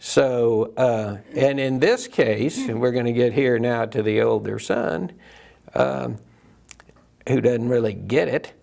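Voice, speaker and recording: A man with a gravelly, creaky voice of middling pitch leads a Bible study group. He talks casually and reflectively, pausing, restarting and circling back as he works through his points. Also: darkish tone. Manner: reflective, loose, many fillers and restarts. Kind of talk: casual teaching talk.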